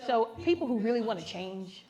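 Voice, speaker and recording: A woman pastor telling comic stories to a live gathering, animated and jumping into high voices for the people she quotes. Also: fairly quick, lo-fi sound. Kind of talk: comic storytelling to a live audience. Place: women's gathering with a laughing audience. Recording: live event with audience laughter.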